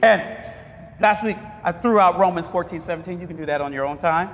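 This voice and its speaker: A man preaching a sermon, asking the congregation to finish his lines and breaking into shouts. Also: sits high, brisk. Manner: call-and-response questions, bursts of shouting. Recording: long reverb of a large hall.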